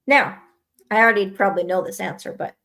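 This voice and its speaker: A woman's voice: mid-range voice, fast, pushed and bright. A woman co-hosting a casual live chat, asking questions and giving brief, encouraging replies.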